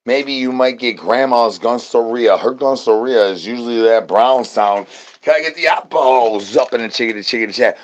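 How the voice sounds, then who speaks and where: A man's voice: medium pitch, moderate pace, dull audio. Goofy man rambling singsong nonsense. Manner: goofy rhyming nonsense talk with singsong repeats. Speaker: livestream host. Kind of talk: rambling comedic stream chatter.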